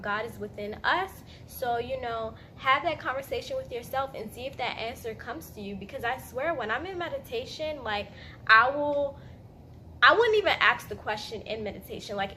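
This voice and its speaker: A young woman talks straight to camera about meditation and intuition, chatty and earnest, with plenty of fillers. Her voice sits a little high. A faint hiss of background noise runs under the recording. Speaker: meditation vlogger. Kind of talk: casual talk to camera.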